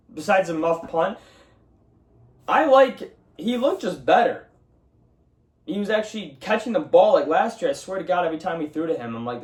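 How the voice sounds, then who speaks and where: A young man hosting a casual sports talk show, ranting heatedly with lots of swearing about missed effort and game plays. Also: a little high. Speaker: sports podcast host. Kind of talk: casual solo commentary. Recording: roomy echo, distant mic.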